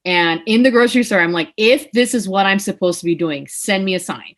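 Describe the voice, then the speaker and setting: Podcast guest, woman, clear bright tone, expressive storyteller. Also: mid-range voice, fairly quick. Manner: animated, emotional storytelling with laughs. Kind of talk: casual storytelling chat.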